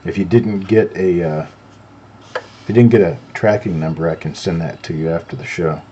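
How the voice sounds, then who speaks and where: Deep, relaxed man hosting a live show. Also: moderate pace, muffled recording, a little hiss or hum. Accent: no southern accent. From not from North Carolina. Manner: easygoing, talks while examining coins. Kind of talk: casual live-stream chat.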